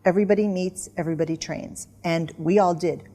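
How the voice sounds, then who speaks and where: A middle-aged woman, a guest author in an interview, telling lively stories and acting out commands. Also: on the low side, fairly quick. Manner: animated storyteller, acts out dog commands. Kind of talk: casual interview chat.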